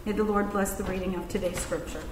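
A woman giving the scripture reading at a church service in a measured, clear way. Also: medium pitch, steady tone, reverberant, in a large hall, slight background noise, poor audio. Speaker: scripture reader.

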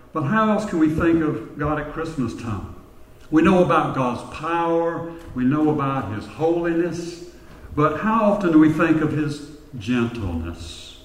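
A male pastor preaching a sermon, telling stories in a measured way with quiet reflective asides. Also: mid-range voice, far from the mic. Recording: echoey hall with long reverb.

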